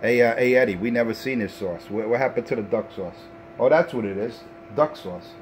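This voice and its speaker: A man's voice: medium pitch, a little fast, a little hiss or hum. A man trash-talking over the radio, taunting and repeating himself, with plenty of profanity. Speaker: CB radio talker.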